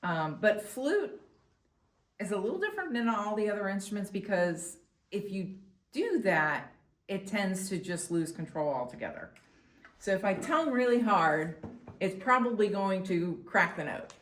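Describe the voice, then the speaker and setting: A woman's voice: medium pitch, expressive, moderate pace. A woman flute teacher explaining technique in a patient, instructional way. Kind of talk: instructional demonstration. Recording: echoey room with faint noise.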